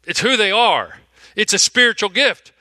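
A male pastor preaching a sermon, repeating phrases for emphasis and swinging between loud, emphatic lines and hushed ones. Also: high voice, lively intonation, moderate pace, no echo.

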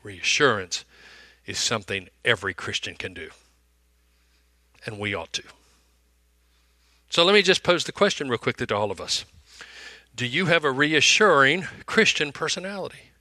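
A male pastor preaching a sermon, repeating phrases for emphasis and swinging between loud, emphatic lines and hushed ones. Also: medium pitch, sing-song, moderate pace, long pauses, dry recording.

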